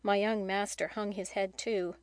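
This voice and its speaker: A woman narrating a children's novel in a steady, clear storytelling manner. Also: mid-range voice, a little slow, no room sound, clean studio sound. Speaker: audiobook narrator.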